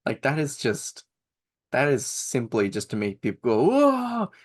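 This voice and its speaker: A man's voice: medium pitch, normal speed, slightly rough. A young man co-hosting a podcast in casual chat, enthusiastic and rambling, laughing often. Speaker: podcast co-host.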